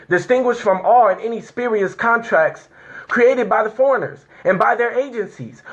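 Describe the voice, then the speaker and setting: A man's voice: high-pitched, lo-fi sound. A man, fervently reading a declaration to viewers, tearful and crying out in emotional exclamations. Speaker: speaker reading a legal declaration.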